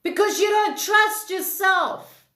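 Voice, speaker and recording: A woman hosting a self-help livestream with a high voice, blunt and preachy and swearing freely as she reads out comments. Her voice rings in an echoey room. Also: takes it slowly, bright, forceful tone. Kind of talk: livestream talk reading comments.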